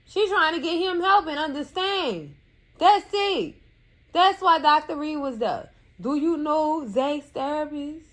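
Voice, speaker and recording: A woman with a high voice gives casual TV recap commentary. She talks in a sassy, animated way, throwing scolding asides at the characters and calling her viewers cousins. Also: a little slow. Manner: colloquial, addresses viewers as cousins.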